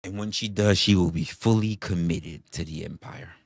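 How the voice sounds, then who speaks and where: A man's voice: low-pitched, normal speed, gravelly, dry recording, clean studio sound. A man streaming casual banter in a mock-villainous, profane, taunting way. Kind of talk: casual stream rant, role-play banter.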